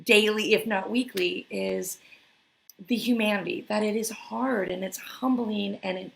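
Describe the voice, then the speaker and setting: Female host, gravelly voice with vocal fry, earnest and thoughtful. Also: mid-range voice, fairly even intonation, unhurried, a bit bright, slight background noise. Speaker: host of an interview. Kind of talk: interview conversation.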